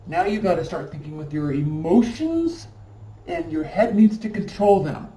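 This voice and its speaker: The tarot reader has a lowish, warm, expressive voice and speaks at a normal speed. She's emphatic and scolding, repeating phrases for stress, and the recording has echo, a distant mic, and faint background noise.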